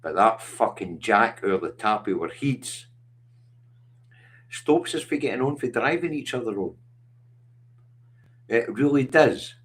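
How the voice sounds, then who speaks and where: A man's voice: medium pitch, lively intonation, measured pace, pauses often, a bit bright. A middle-aged Scottish man hosting a livestream, talking bluntly and passionately with lots of swearing. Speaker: livestream host. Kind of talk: casual chat.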